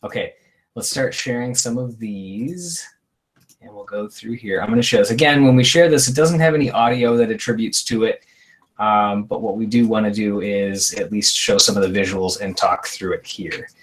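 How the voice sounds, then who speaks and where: A man's voice: on the low side, moderate pace. Chatty man hosting a live stream. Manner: chatty, reads out viewer comments. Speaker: co-host. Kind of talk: casual live-stream chat.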